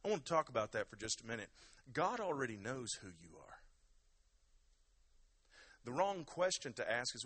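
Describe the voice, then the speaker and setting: A man's voice: mid-range voice, sing-song, normal speed, long pauses, a bit bright, husky. A man preaching a sermon in a conversational, emphatic way and urging the congregation to give praise. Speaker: pastor.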